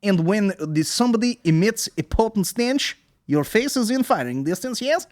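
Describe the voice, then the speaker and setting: Man doing a loud smug Russian joke guy. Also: high-pitched, expressive, moderate pace, no room sound, studio quality, voice pushed up. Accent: put-on Russian. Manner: explains each joke, loud and pleased. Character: Russian man telling bad sexist jokes, smug.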